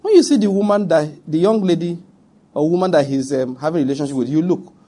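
Nigerian man, middle-aged, preaching, emphatic, husky, mellow tone, repeats himself for stress. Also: fairly high pitch, expressive, fast talker. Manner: emphatic, repeats points, addresses audience directly. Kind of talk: sermon.

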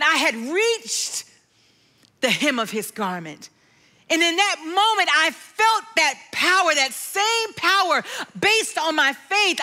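A middle-aged woman giving a personal testimony sermon, telling her story and slowing to a hush for sung lines. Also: high-pitched. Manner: storytelling, softens to a hush and sings lyrics slowly. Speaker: worship speaker.

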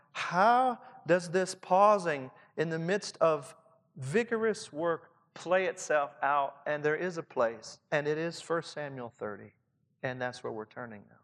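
A man with a Southern Indiana accent preaching a reflective sermon to pastors, often dropping to a soft hush to stress a point. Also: on the high side. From Southern Indiana, USA. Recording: long hall reverb.

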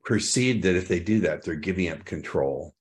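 A man's voice: low voice, moderate pace. A man hosting an interview, asking long questions with enthusiasm. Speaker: host.

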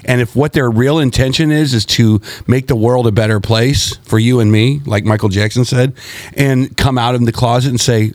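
A man hosting a casual panel talk show, animated, often cutting in and restarting his sentences. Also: medium pitch, moderate pace, dry recording. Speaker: host.

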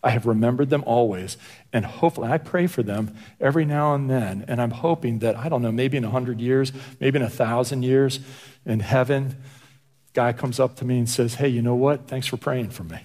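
A pastor with a mid-range, slightly mellow voice preaches a conversational sermon at normal speed. He often stumbles and repeats words, stammering as he goes.

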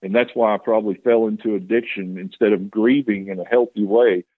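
Speaking fairly quickly in a steady, lowish voice, a man appears as an interview guest and tells his personal testimony candidly and plainly, with earnest emotion. The line sounds tinny, like a phone, and dry with no room sound.

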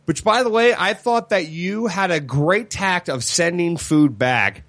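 Lively man acting out quotes. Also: high voice, measured pace, no room sound. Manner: lively, acts out quotes with shifting voices. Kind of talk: casual storytelling chat.

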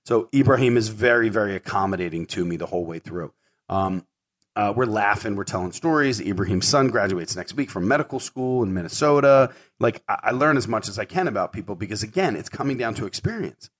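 On his own podcast, a middle-aged man tells loose, rambling stories, using lots of fillers and repeating words. His voice is fairly low, his intonation lively, and his pace fairly quick.

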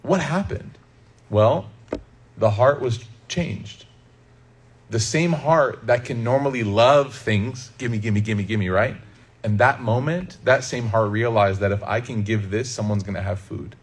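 A man from Chicago giving a conversational religious talk, lively and humorous, speaking straight to the audience. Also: medium pitch, unhurried, breathy edge. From Chicago, USA. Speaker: Islamic speaker.

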